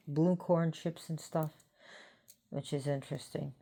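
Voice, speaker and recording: A tired woman talking casually about an old god, rambling and pausing to think. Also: sits low, steady tone, creaky, dark tone. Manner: rambling, unhurried, pauses to think. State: tired, yawning. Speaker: host of a mythology talk. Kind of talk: casual talk to camera.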